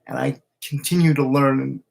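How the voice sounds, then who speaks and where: A man speaking into a camera in a heartfelt personal video message to his partner, emotional and halting, with restarts and pauses. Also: medium pitch, fairly even intonation, vocal fry.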